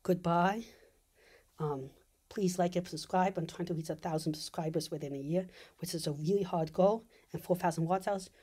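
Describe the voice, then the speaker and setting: Mellow-voiced woman wrapping up a vlog. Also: lowish voice, steady tone, moderate pace, breathy edge. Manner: earnest, hesitant, asks viewers for support. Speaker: YouTuber. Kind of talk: casual vlog outro.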